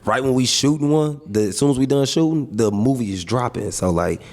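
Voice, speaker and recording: A man's voice: mid-range voice, fairly quick. A man, a comedian and actor, telling stories in casual, slangy interview chat. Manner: relaxed storytelling, slangy, animated asides.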